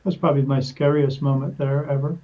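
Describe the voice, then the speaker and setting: A man, a podcast guest, telling a story in casual conversation, animated, acting out quoted dialogue and often restarting his sentences. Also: mid-range voice, brisk, highs cut off.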